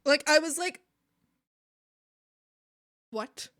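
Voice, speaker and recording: A young woman artist chatting casually on a livestream while drawing, rambling and animated, often swearing and laughing. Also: mid-range voice, brisk, no echo, studio quality. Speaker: artist streamer.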